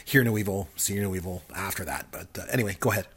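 A man co-hosting a podcast, chatting casually and telling animated stories while laughing at them. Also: low-pitched, quick pace, breathy edge. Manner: animated storytelling, laughs at his own stories. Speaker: podcast co-host. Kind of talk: casual chat.

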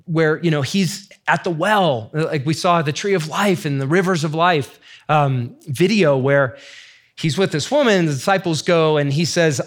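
Middle-aged man, somewhat high-pitched, earnest and emotional, heartfelt teaching talk. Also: moderate pace. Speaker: faith teacher sharing testimony.

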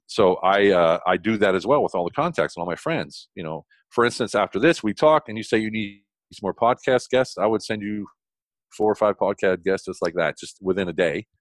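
Fast-talking, enthusiastic American man. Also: no echo. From United States. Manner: fast, enthusiastic, frequent restarts, jumps high in pitch for emphasis. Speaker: podcast guest, consultant. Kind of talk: animated storytelling interview.

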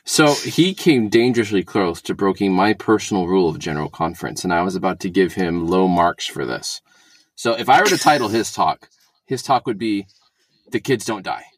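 A man co-hosts a relaxed chat and likes to tell wry jokes. His voice sits a little low, and the recording is dry and close. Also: fairly quick, dry recording. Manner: wry, joking, acts out quotes. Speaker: podcast co-host. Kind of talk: casual chat about church talks.

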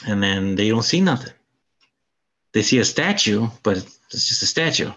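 A man co-hosting a casual podcast, excitedly recounting a film's plot and acting out the characters' lines. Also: lowish voice, moderate pace. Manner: animated retelling, acts out character lines. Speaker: podcast co-host. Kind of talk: casual film review chat.

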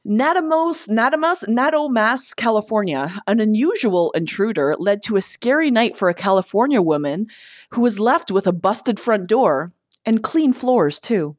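A woman's voice: on the high side, expressive, normal speed, no echo, clean studio sound. A woman co-hosting a podcast in casual chat, chatty and often trailing off with hesitant asides. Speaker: podcast co-host.

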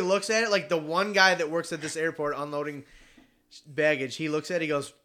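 A young man casually telling a travel story, animated, swearing and acting out the other people in it. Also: a little high, fairly quick. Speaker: podcast regular telling a story.

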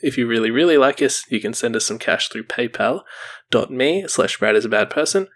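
A man's voice: mid-range voice, expressive, fairly quick, fairly bright tone. A young man co-hosting a casual podcast, reading out plugs and listener reviews and laughing often. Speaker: podcast co-host.

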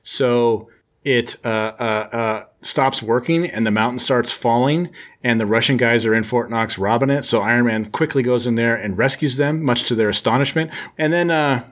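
Guy on a podcast retelling a comic, jokey and sarcastic, mid pitch. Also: moderate pace, fairly bright tone. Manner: joking, sarcastic storytelling. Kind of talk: casual comic book recap.

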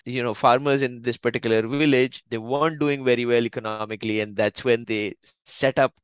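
A man, chatting in a relaxed, agreeable way as podcast co-host. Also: medium pitch, a little fast, clear, resonant tone, dry recording. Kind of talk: casual chat.

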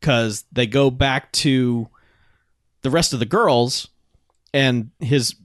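A man co-hosting a casual podcast, recapping a movie in an animated way and laughing often. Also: medium pitch, slow pace, dry recording, clean studio sound. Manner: animated storyteller, acts out bits, laughs often. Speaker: podcast co-host.

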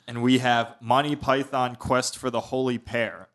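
A man's voice: medium pitch, fairly even intonation, slow. A man who produces a comedy podcast, riffing playfully in casual chat.

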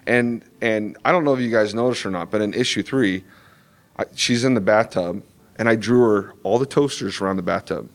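A man's voice: on the low side, fairly quick. Rambling, emphatic male comic artist. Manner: rambling, many restarts and "you know" fillers; animated, emphatic asides. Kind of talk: convention interview chat.

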